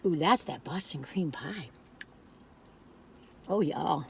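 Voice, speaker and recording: A woman's voice: deep voice, lively intonation, takes it slowly, gravelly, a little hiss or hum. An older woman, chatting casually and rambling off on tangents while reviewing cookies on her vlog. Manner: rambling, chatty, easily sidetracked. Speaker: food vlogger.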